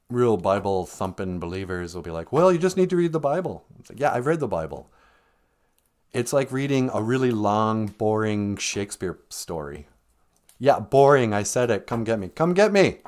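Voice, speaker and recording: A man delivering a rambling, sardonic comic monologue on a live stream. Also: fairly low pitch. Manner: sardonic, rambling, with mocking put-on voices.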